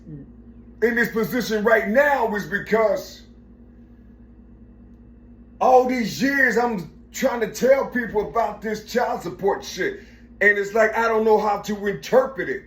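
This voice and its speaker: This middle-aged man's voice sits high and a bit bright. He tells a rambling personal story full of swearing, repeats himself, hunts for the right words and keeps dropping "you see," all captured in an echoey room.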